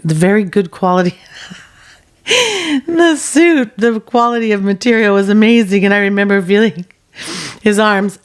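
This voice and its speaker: Woman, host, personal storytelling, animated, acts out the quotes, laughs often. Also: medium pitch.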